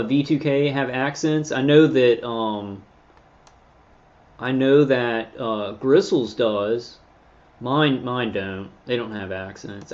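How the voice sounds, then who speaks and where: A man of middle pitch talks casually to a livestream audience, circling back on his words with fillers and false starts. The sound is muffled and lo-fi, with the top end rolled off. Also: a little mellow. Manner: meandering, halting, many fillers and restarts. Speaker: channel host reading live chat. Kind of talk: rambling casual livestream talk.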